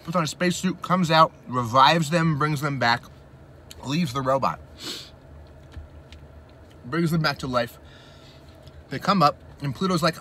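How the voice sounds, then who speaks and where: A man's voice: on the high side, a little slow, pauses often, slight background noise. Rambling man recapping a movie, mouth burning. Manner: rambling, animated, slips into excited impressions. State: mouth burning from spicy chips. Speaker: mukbang host. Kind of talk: casual movie recap while eating.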